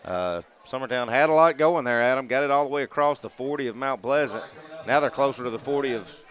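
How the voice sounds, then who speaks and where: A man in a mid-range voice, doing play-by-play for a high school football broadcast. He calls each snap briskly as it unfolds. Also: a bit bright. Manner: brisk, calling plays as they unfold. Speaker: play-by-play announcer.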